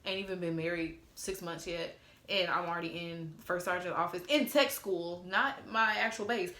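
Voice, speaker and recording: A woman's voice: lowish voice, pushed and bright. A woman in her twenties telling a storytime, sassy and profane, talking straight to her viewers. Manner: sassy, profane, exasperated retelling. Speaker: storytime vlogger. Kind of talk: casual storytime. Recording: roomy echo.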